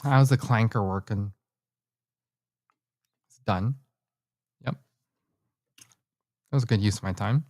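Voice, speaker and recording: A woman's voice: a bass voice, takes it slowly, long pauses, a little mellow, no echo, studio quality. A woman streamer chatting casually to her viewers, blunt and profane, often talking to herself. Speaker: livestreamer. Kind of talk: casual live-stream chat.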